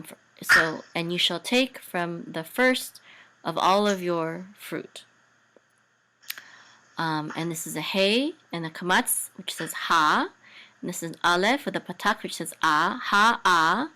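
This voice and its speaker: A woman's voice: lowish voice, pushed and bright, rough recording. A woman teaching a language lesson, patiently sounding out words syllable by syllable, with hesitant fillers and restarts. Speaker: Hebrew and Torah cantillation teacher.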